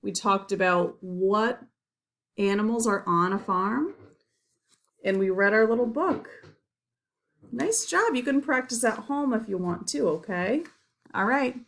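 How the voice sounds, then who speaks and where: A woman teaching young children in a slow, simple way, gentle and encouraging, naming farm animals. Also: medium pitch, lively intonation.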